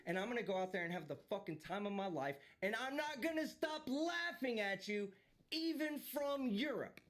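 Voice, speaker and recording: A man's voice: sits high, animated, normal speed, fairly bright tone. A man streaming live, delivering a heated, profane and mocking rant. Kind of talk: ranting live stream commentary.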